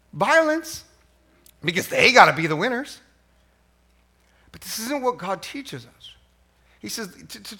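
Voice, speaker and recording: Bright, high-voiced male pastor preaching. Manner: animated, swings from hushed to yelling. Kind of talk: sermon.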